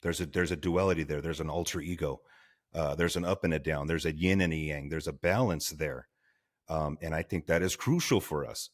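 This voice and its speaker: A man with a very low, deep voice tells a story as a podcast guest. He talks casually and with animation, laughing along and acting out the voices of the people in his story. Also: a little fast. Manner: animated, laughing, acts out quotes. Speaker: guest, firefighter.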